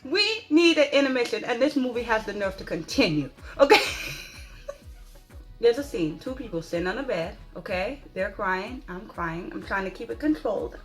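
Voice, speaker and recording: A woman giving an excited, dramatic spoken movie review, stressing points with repeated rhetorical questions. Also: a little high. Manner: dramatic, emphatic, repeats "okay?" for emphasis.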